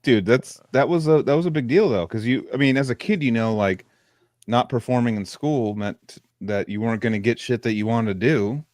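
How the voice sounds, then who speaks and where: A man's voice: mid-range voice, a little fast, a little mellow, no room sound. A man talks in loose, casual podcast chat, cursing freely and breaking into laughter as he tells school stories. His voice sits in a middle range and the sound is close and dry, with no room around it. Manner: loose, profane, laughs often. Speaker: podcast co-host.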